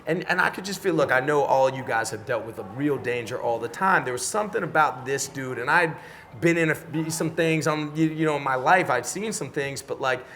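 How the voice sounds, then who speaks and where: A man's voice: medium pitch, fairly quick, a little hiss or hum. A middle-aged man from Washington, D.C., a podcast guest telling a long story in casual, profane talk and acting out the dialogue. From Washington, D.C., USA. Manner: animated, profane storyteller who acts out dialogue.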